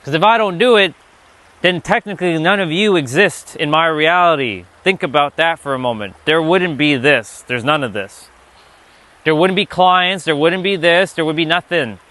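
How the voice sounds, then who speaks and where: A man's voice: a little high, pushed and bright. A man giving a motivational livestream talk, emphatic and profane, often repeating himself. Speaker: livestream speaker.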